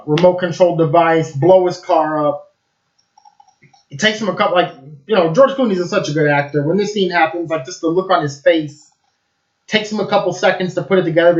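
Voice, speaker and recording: A man's voice: on the high side, reverberant, muffled recording. A man giving a casual, enthusiastic film review, rambling with lots of fillers.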